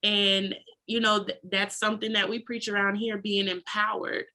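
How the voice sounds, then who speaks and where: A woman's voice: medium pitch, level tone, normal speed, sharp tone. A woman co-host, emotional and searching for words as she asks her questions. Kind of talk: interview chat.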